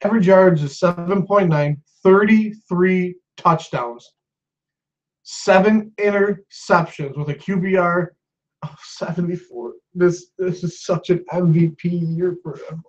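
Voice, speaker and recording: A man's voice: sits high, unhurried. A man ranting as a sports fan vlogger. He sounds agitated, swears often and repeats himself. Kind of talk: upset sports rant. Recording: dull lo-fi recording.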